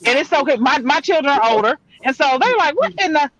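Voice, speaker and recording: A middle-aged woman hosting a casual live panel chat, animated and exclaiming in slangy speech. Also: sits high, quick pace, muffled recording, a loud crowd. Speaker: panel host.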